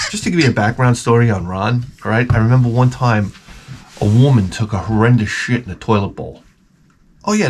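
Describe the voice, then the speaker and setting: A man hosting his own vlog, telling crude, profane stories in a rambling comic monologue. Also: mid-range voice. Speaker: vlog host.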